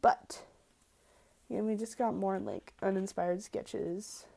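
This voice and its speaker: A young adult woman talking through her sketchbook in a casual vlog, rambling and excitable, laughing often and swearing casually. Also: medium pitch, takes it slowly, vocal fry. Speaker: art student vlogger.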